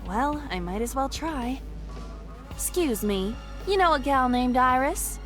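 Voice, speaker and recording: A woman voicing a sardonic female AI sidekick in a video game, speaking in a deadpan, sarcastic way. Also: high voice, a little slow, soft background music.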